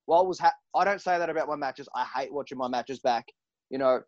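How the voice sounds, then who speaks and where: This wrestler talks fast in a mid-range voice, with no echo on the dull, lo-fi audio. Spinning stories as a guest in a casual interview, he swears a lot and plays out what others said.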